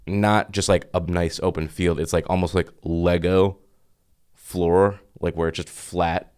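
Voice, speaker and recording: A man in a casual podcast chat, talking in a halting way and searching for his words. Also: low voice, flat delivery, a little mellow, clean tone. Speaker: podcast co-host.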